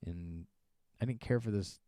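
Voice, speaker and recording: A man's voice: fairly low pitch, unhurried, no room sound, studio quality. A man co-hosting a podcast, recapping wrestling in casual, rambling, sarcastic chat. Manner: rambling, sarcastic, acts out wrestlers' shouted lines. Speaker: podcast co-host.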